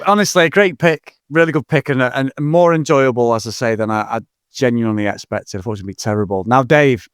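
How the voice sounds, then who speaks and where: A man's voice: medium pitch, no echo, clean studio sound. A man co-hosting a film podcast, chatty and breezy as he runs through plugs and thank-yous. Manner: chatty, reads sign-off plugs briskly. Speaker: podcast co-host. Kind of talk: casual film-podcast chat.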